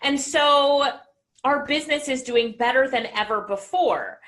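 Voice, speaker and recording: A middle-aged woman who works as a business coach delivers an energetic motivational talk to an online audience. She sits high in pitch, speaks at a measured pace, and often puts questions to her listeners.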